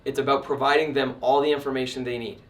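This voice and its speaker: A man teaching sales in a casual, conversational way, emphatic and lively as he walks through examples. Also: mid-range voice, fast, reverberant. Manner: conversational and emphatic, acts out customer types. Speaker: sales trainer and painting business owner. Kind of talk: casual instructional talk. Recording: voice a bit distant from the mic.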